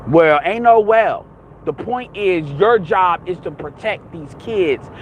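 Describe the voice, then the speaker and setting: A man's voice: sits high, takes it slowly, dull audio, a little hiss or hum. A young man ranting in a casual, heated, rambling monologue, swearing often.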